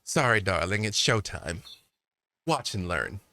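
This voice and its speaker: A man's voice: on the low side, expressive, unhurried, sharp tone, no room sound, studio quality. A man voicing a smug, theatrical woman who impersonates others, preening and calling people darling. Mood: breezy.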